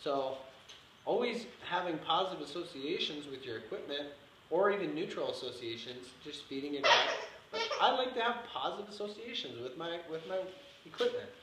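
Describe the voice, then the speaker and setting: Male dog trainer demo, emphatic, repetitive, fairly high voice, echoey room with faint noise. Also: fairly bright tone. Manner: repetitive, emphatic, marking with "yes". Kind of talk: instructional demonstration.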